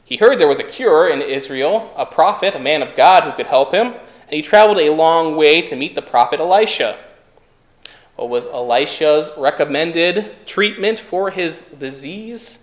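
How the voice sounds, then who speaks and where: A man's voice: fairly high pitch, animated, unhurried, roomy sound. Man preaching a conversational sermon. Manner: conversational preaching with rhetorical questions.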